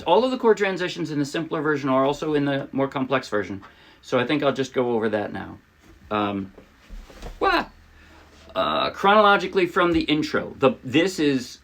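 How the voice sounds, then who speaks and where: A man's voice: mid-range voice, fairly bright tone. Man teaching ukulele, chatty. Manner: chatty, self-deprecating, demonstrates while talking. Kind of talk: casual tutorial talk. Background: ukulele playing.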